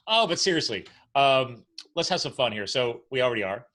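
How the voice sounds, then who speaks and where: A man hosting a podcast interview, chatting casually and playfully, jumping up in pitch when he jokes. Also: normal speed. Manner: animated, playful, jumps up in pitch when joking. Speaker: podcast host. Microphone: video call.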